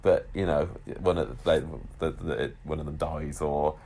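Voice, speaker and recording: Deep guy on a podcast reading off stats, chatty, lots of restarts. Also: level tone, moderate pace, dark tone. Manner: reads out statistics, chatty with restarts. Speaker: podcast co-host. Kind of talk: casual chat.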